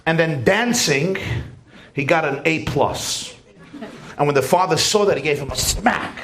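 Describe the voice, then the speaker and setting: A man's voice: on the high side, a little slow, a bit bright, slight background noise. A rabbi giving a lecture to a large audience, telling stories animatedly and joking with his listeners. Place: community center hall.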